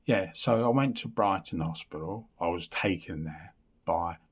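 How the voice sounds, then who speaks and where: A man's voice: deep voice, measured pace, breathy edge. An English man giving a rambling health update on his vlog, reading from notes and often losing his place, with blunt, dry humour. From England. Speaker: vlogger.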